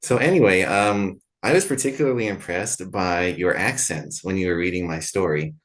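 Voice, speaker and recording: A man with a low voice chats as an interviewer, friendly and loose, circling around his questions before asking them. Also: moderate pace. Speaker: interviewer, author.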